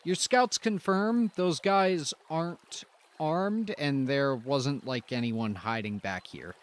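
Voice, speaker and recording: Slow, easygoing male game master. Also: on the high side. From Canada. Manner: laid-back, unhurried narration with fillers. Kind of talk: narrating a role-play stream.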